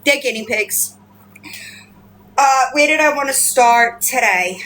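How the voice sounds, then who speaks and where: A woman's voice: slow pace, a bit bright, slight background noise, low-quality recording. Profane, rambling woman livestreaming at home. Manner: profane, rambling, and chatty, switching to high baby-talk with her pets. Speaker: livestream host. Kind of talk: casual livestream chat. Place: at home with pets. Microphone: phone.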